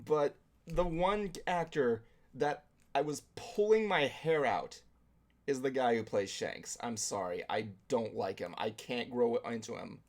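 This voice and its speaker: Man, casual talk show co-host, animated, rambling, swears, average pitch. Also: measured pace. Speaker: podcast co-host. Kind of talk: casual chat.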